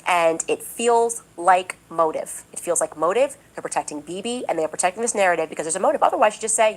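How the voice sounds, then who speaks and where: A woman's voice: fairly low pitch, animated, fast, few pauses, low-quality recording. A woman commentator delivering a podcast monologue, emphatic and indignant, repeating her points insistently. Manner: mocks others in a raised, exaggerated voice. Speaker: political commentator.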